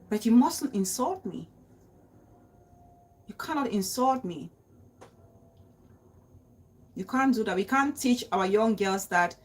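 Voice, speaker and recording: A young Cameroonian woman hosts a live-stream vlog, talking straight to her viewers. Her voice sits high and swings widely in pitch. She presses each point hard and circles back with repeated rhetorical questions. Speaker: vlogger hosting a live stream.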